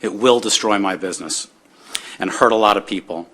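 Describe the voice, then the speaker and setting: Man, lowish voice, formal measured testimony, business owner. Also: a bit bright. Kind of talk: prepared public testimony.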